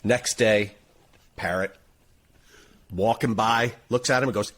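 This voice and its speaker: A man who produces the podcast, telling a joke in lively storytelling style. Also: mid-range voice, a little slow, long pauses, breathy edge.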